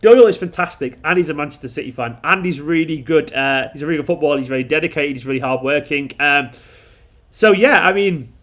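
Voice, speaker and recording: A man hosting a football fan channel, giving an excitable live post-match reaction and answering viewer comments with emphatic repetition. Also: a little high, fast. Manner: excitable, emphatic, repeats himself.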